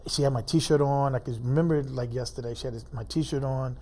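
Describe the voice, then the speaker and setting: Male interview guest, mellow low-toned voice, informal halting delivery, heavy personal story. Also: steady tone. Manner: informal, halting speech with many fillers.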